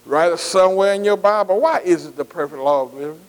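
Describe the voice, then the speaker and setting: A man's voice: high voice, fast talker. A man preaching a folksy sermon, calling out "amen" and asking the congregation for responses. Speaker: pastor.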